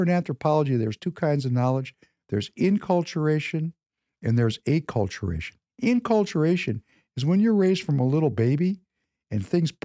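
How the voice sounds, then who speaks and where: A man hosting a podcast in an impassioned, preachy monologue. His pitch swings widely and his voice sits mellow and dark. The sound is dry and close, and he hammers points home by repeating them. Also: no echo. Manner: emphatic, repeats phrases for effect; preachy, exhorting listeners. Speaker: podcast host.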